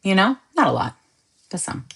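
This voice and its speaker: Lively laughing woman host on a live stream. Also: mid-range voice, moderate pace, vocal fry, husky. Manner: animated, laughs often, jokey asides. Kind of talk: casual live-stream chat with viewers.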